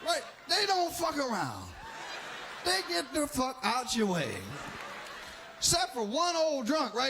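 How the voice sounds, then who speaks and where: Animated male stand-up comic, very high. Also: unhurried, background noise. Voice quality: profane, animated storytelling with acted voices. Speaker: stand-up comedian. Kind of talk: live stand-up comedy.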